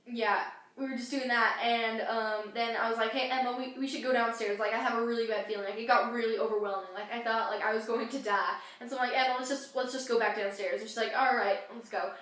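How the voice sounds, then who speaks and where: A woman's voice: a little high, fairly even intonation, fast, a bit bright. A woman co-hosting a vlog and telling a story in a put-on British accent, chatty and full of fillers. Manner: chatty, many "like" fillers, giggly. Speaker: co-host. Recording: very echoey room.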